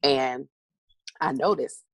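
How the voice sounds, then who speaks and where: Speaking slowly in an extremely low pitch, a middle-aged woman guest who works as a motivational speaker tells animated stories and acts out her own replies. The interview is candid and conversational, and there is no echo.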